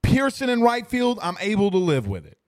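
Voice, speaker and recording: A man hosts a casual sports talk stream from a studio, reading chat aloud. His voice sits fairly high and he rambles emphatically, hammering phrases again and again. The sound is dry and close, with no room echo. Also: wildly swooping pitch, brisk. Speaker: host reading live chat.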